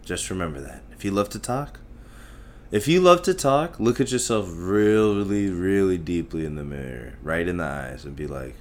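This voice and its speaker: A podcast host from Tamil Nadu, India, speaks with a low voice at normal speed on his solo show. He rants bluntly, swearing a lot, mocking himself, and repeating points for emphasis.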